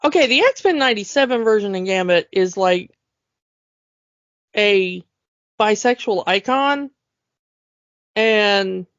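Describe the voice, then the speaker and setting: A woman co-hosting a podcast, talking in an animated, emphatic way as she rants. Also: mid-range voice, takes it slowly, pauses often, no room sound. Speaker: podcast co-host. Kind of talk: casual chat. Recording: dull lo-fi dry sound.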